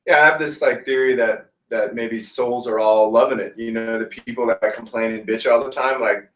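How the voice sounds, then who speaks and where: A man hosting a casual interview, musing out loud in a relaxed way with lots of fillers. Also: medium pitch, normal speed, reverberant, far from the mic, rough recording. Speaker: show host.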